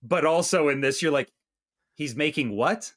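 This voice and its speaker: A man co-hosting a movie review podcast in casual chat, swearing freely and tossing in quick asides. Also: on the high side, a bit bright. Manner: profane, chatty, quick asides.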